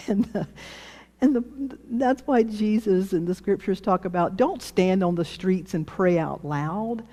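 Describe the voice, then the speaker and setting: Woman pastor preaching a storytelling sermon; warm, mellow voice that acts out quotes and lingers on questions. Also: medium pitch, in a large hall. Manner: storytelling, acting out quoted voices, slowing for emphasis. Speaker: minister. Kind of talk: sermon with told stories.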